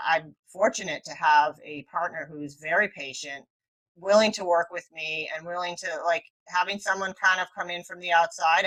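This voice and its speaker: A woman's voice: on the low side, fairly bright tone, poor audio. A woman hosting a talk over a video call, reflective and often correcting herself mid-sentence. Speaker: host. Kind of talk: casual conversation.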